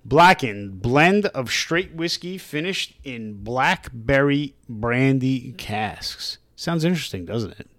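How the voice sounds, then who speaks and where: A man co-hosting a casual podcast, chatty, reading out tasting notes in a flat list-like way on a close mic. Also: mid-range voice, takes it slowly, hardly any pauses, no room sound. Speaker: podcast co-host.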